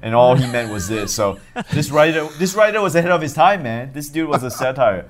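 A comedian guest on a podcast, chatting casually and rambling with lots of filler words. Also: male voice, mid-range voice, animated, fairly quick, a crowd in the background.

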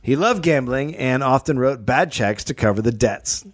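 A man with a medium-pitched voice who tells a history story for a comedy podcast. He keeps it dry and matter-of-fact, dropping in wry asides along the way. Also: lively intonation, moderate pace.

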